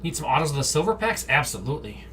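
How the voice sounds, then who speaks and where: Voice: medium pitch, very animated, very fast, fairly bright tone, far from the mic, a little hiss or hum. A card-break host from Wisconsin, chatting casually and rambling on a live stream indoors. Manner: chatty, rambling, easily amused. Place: indoor room.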